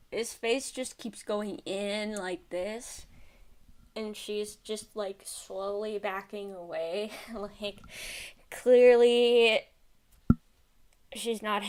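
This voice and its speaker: A woman streamer commenting casually on a video, exasperated and often restarting her sentences. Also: medium pitch.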